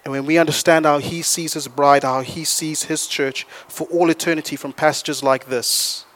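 A male pastor preaching a sermon, animated, swinging between loud storytelling and soft, slow points. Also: on the high side.

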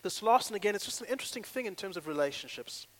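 A male pastor preaching a sermon in an animated way, acting out little dialogues and swinging between loud and hushed delivery. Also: high voice, racing.

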